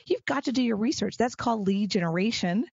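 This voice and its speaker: A middle-aged woman hosting a solo podcast. She talks in an animated, emphatic way and repeats phrases for stress. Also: a little high, brisk, gravelly, husky, no room sound, muffled recording. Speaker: podcast host. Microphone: close mic at a desk chair.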